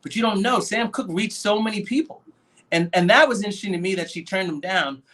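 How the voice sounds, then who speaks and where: A man co-hosting a casual movie discussion podcast, animated and acting out quoted voices as he talks. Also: sits high, fairly quick. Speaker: podcast co-host.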